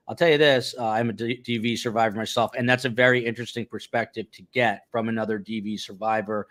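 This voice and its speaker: A man's voice: on the low side, steady tone, fast, hardly any pauses, a bit bright. A man hosting a live stream, reading viewer comments aloud and talking them over in a loose, casual way with many fillers. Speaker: host.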